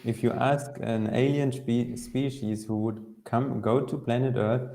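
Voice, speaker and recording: A man's voice: medium pitch, steady tone, measured pace, vocal fry, dark tone. A man co-hosting a casual podcast conversation, earnest and a little hesitant. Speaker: podcast co-host.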